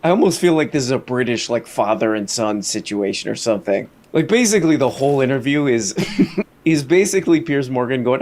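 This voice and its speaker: A man's voice: medium pitch, animated, brisk, a little mellow. A man casually commenting on an interview clip during a live stream, laughing often and mimicking the people in it.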